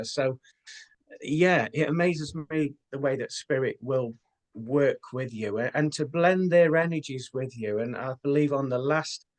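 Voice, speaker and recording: A man talking as an interview guest and spiritual medium, telling his experiences in an earnest, unhurried way with many fillers. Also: medium pitch. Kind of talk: casual interview talk.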